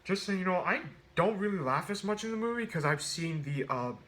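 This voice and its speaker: A man's voice: sits high, expressive, fairly quick, pushed and bright. A man casually reviewing a film, rambling with many restarts and fillers. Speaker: movie reviewer.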